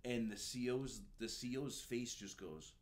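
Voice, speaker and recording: A man telling stories from his time as a recruiter in a relaxed, animated way, peppered with slang and swearing. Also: mid-range voice, measured pace, slight background noise. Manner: animated, swears freely, says "dude" and "bro" often. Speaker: guest, former Marine recruiter. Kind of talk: casual storytelling.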